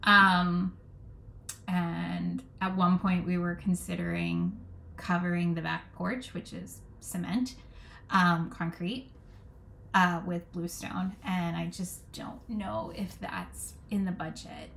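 A woman's voice: fairly low pitch, steady tone, takes it slowly, gravelly, fairly bright tone. A woman talking through garden design ideas as a vlogger, thinking aloud with frank opinions and frequent restarts. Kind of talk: casual rambling commentary.

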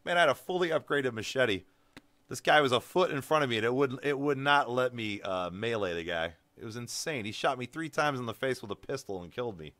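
A male streamer giving casual gameplay commentary, excitable and swearing freely. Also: medium pitch, a little fast, dry recording.

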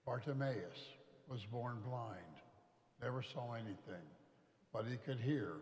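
In a large church, a middle-aged priest delivers a homily in a folksy, storytelling way, acting out the voices he quotes. His voice is medium-pitched and a little mellow, recorded from a distance with heavy echo.

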